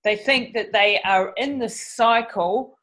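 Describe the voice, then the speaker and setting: A woman's voice: fairly high pitch, slow, a bit bright. A woman interviewing a guest, giving short affirmations and then summarizing his point in a conversational way. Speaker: interviewer host. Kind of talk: casual interview.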